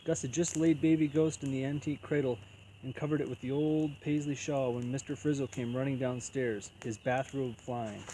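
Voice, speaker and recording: A man reading a children's picture book aloud as storyteller, in an even, unhurried way. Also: medium pitch, slight background noise, rough recording.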